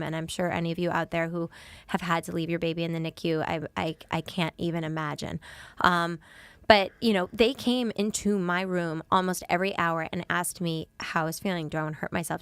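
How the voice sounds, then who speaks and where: A woman's voice: lowish voice, fairly even intonation, brisk, clean tone, no room sound. Emphatic woman host, casual interview. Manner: emphatic, rambling restarts, shifts to hushed seriousness. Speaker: talk show host.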